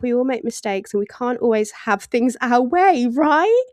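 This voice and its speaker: A woman's voice: high-pitched, normal speed, dry recording, studio quality. A woman giving a casual tarot reading, chatty and laughing often as she acts out little voices in asides. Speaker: tarot reader.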